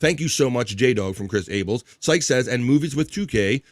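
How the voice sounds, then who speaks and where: A man hosts a casual livestream, upbeat and thankful, reading viewer comments aloud. His voice sits at a middle pitch. It is recorded close and dry. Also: expressive, moderate pace, no room sound. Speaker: livestream host. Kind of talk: casual chat, reading chat messages.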